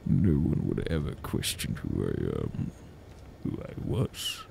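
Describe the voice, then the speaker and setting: A man putting on an exaggerated, very deep and gravelly menacing voice, drawn out slowly. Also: very animated, warm tone, exaggerated voice. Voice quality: gravelly, very low rumble.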